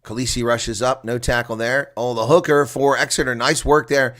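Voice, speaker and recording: A man calling a rugby match live as a chatty, excitable watch-along commentator, with a congested throat that keeps him coughing. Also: medium pitch, moderate pace. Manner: chatty and excitable, laughs at players' mistakes. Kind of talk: live play-by-play reaction commentary.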